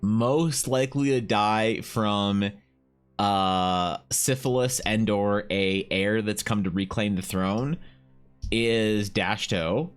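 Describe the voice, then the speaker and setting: A man's voice: fairly low pitch, takes it slowly, clear, resonant tone, soft background music. A man streaming live, thinking aloud and answering his chat in a rambling, casual way.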